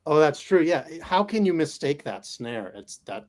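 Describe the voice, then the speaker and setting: Excitable higher-voiced male co-host. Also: moderate pace. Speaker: podcast co-host. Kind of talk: casual chat.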